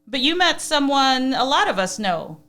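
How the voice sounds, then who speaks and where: A woman's voice: sits high, very animated, moderate pace, fairly bright tone. A woman hosting a casual interview, enthusiastic and encouraging toward her guest. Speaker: podcast host.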